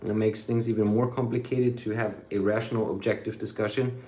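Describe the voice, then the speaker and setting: Rambling man, mellow roomy voice. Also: lowish voice, level tone, a little fast. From United States. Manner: rambling, sweary, drops German phrases. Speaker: vlogger. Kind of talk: casual rambling monologue. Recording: echoey room.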